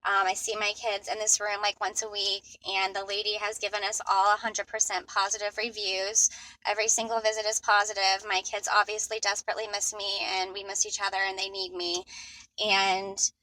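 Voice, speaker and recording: Driving as she records a personal vlog, a woman in a custody fight talks in an upset, rambling manner, starting over again and again. She speaks briskly at medium pitch, level in tone, pushed and bright. The audio is rough.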